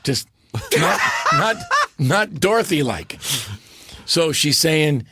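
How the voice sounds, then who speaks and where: A man, a podcast guest, telling stories in a lively, animated way and slipping into character voices. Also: fairly high pitch, takes it slowly, very noisy. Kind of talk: casual interview storytelling.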